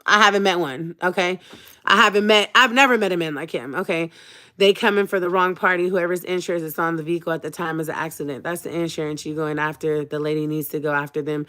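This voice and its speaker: Animated woman with a bright voice telling a dramatic story. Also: on the low side, quick pace. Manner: animated and dramatic, with emphatic repeated "okay?"; speaks straight to viewers, calling them sis and y'all. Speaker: vlogger on a live stream. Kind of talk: emotional personal storytime chat.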